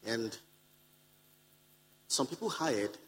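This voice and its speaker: A male preacher at a conference, speaking at a middling pitch. He drives each point home by saying it again and again. He keeps checking that the congregation is with him. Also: lively intonation, drawn-out words, rough recording. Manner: repeats key lines for emphasis; calls out to the congregation. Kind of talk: sermon to a live congregation. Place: conference hall.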